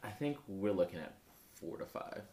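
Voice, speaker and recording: A man co-hosting a podcast in a casual chat, animated and jokey, often trailing off. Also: on the low side, moderate pace. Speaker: podcast co-host. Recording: roomy echo.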